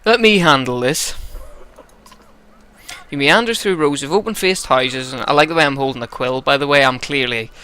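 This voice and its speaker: A man's voice: medium pitch, normal speed, bright, forceful tone, smooth. A tipsy man narrating a story game, joking and rambling between lines. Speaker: let's-play narrator.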